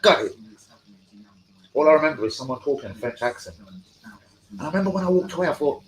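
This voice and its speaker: A man hosting a live stream, rambling through football fan chat with heavy swearing and excitable outbursts. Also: a little high, fast, long pauses, a little hiss or hum, low-quality recording.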